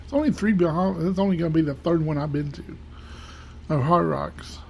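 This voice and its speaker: A man's voice: fairly high pitch, a little fast, gravelly, a little mellow, a little hiss or hum. A man hosting his own show in a rambling, casual monologue full of fillers, on a home desk microphone. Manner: rambling, many fillers and restarts. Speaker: podcast host.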